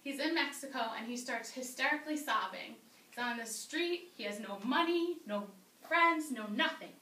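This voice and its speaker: Bright, high-voiced woman storyteller. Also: moderate pace, slight background noise. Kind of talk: live comic storytelling. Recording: roomy, distant live-stage mic.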